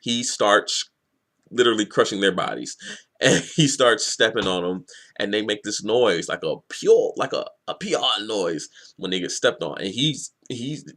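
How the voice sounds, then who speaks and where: A man giving a casual, profane, animated manga review. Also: on the low side, a little slow.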